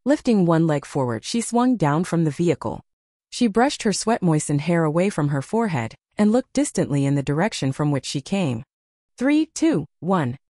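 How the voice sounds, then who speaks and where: A woman reading a novel aloud as audiobook narration, with expressive storytelling. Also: deep voice, brisk, no room sound, clean studio sound.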